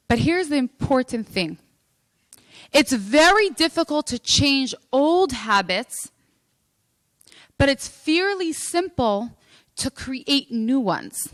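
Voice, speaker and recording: A woman coach giving a motivational lecture, telling stories and making points with animated emphasis. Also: high-pitched, slow pace, no echo, clean studio sound. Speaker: life coach and speaker.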